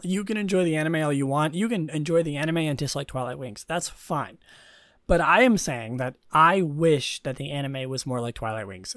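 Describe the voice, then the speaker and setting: A man's voice: fairly high pitch, dry recording, studio quality. A young man hosting a casual solo podcast, rambling with many fillers and restarts. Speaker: podcast host.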